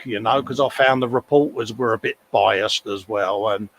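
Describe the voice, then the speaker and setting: The co-host is an older man on a casual livestream from his home workshop, laughing often while he reads viewer comments at his workbench. He has a fairly low voice and talks at a moderate pace.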